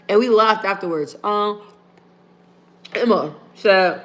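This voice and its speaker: A woman's voice: on the low side, normal speed, fairly bright tone. A woman hosting a casual livestream, talking straight to her viewers and repeating phrases for emphasis. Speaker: livestream host. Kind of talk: casual live-stream chat.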